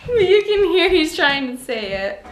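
A young woman talking casually to the camera in a home vlog, chatty and excitable, quick to laugh. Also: extremely high pitch, slight background noise. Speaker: mother and family vlogger.

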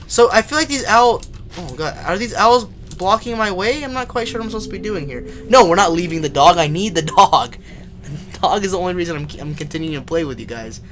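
Brisk and a bit bright, a high-voiced young man with lively intonation streams a horror game live. He startles easily, swearing and yelping, and then talks with his viewers.

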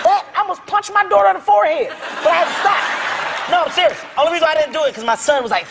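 A man from Philadelphia telling comic stories as a talk show guest, laughing and yelling his punchlines. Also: extremely high pitch, very fast, gravelly, over a noisy crowd. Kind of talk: comedic storytelling. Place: television studio with audience. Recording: loud studio audience laughter, noisy.

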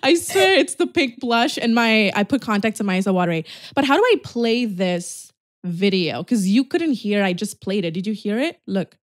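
A woman in her twenties hosting a podcast, chatting casually with a friend, swearing and making quick asides. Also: medium pitch, animated, no room sound, studio quality. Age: 20s. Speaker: podcast host. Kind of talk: casual chat.

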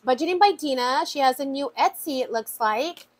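A woman's voice: high voice, expressive, normal speed. A woman vlogger chatting casually while opening mail, emotional and full of fillers. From USA. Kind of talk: casual chat.

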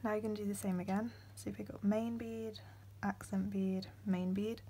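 A young woman hosts a beading tutorial that moves step by step, talking softly, often at a whisper, and saying um a lot. Her medium-pitched voice shows little pitch movement at a moderate pace, with slight background noise.

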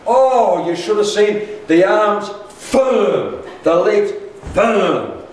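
A man's voice: sits high, big pitch swings, very slow. An older man preaching a sermon, telling a personal story with humour and asides to the congregation. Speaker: pastor. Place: church hall. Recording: echoey church hall from far off.

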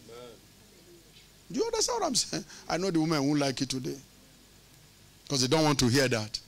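A male pastor preaches with a high voice that swoops up and down with lively energy. He drives his points home with call-and-response questions, teasing asides and punchy repetitions. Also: brisk. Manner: teasing, repeats words for effect. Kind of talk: sermon.

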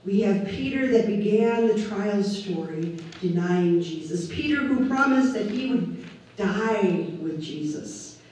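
A woman pastor delivering a sermon, preaching deliberately with emphatic rises on key words. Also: medium pitch, animated, a little mellow, a little hiss or hum. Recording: echoey room, voice from far off the mic.

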